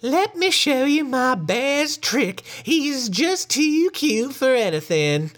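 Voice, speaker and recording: A man voicing a foolish, scornful woman tourist in a high, shrill falsetto, drawn out and gushing. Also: very animated, takes it slowly, a bit bright, full character voice.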